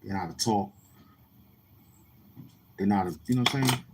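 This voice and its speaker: A man's voice: fairly quick, background noise. Slangy rambling man telling stories. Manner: slangy, rambling, repeats himself, acts out others in a higher voice. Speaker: YouTuber. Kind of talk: casual street-talk storytelling.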